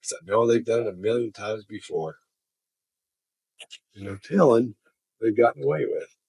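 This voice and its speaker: Brief: man, relaxed chatty storyteller, husky low voice, dry recording. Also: moderate pace, no echo. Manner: chatty, laughs while telling stories. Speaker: body language expert. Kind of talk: casual storytelling.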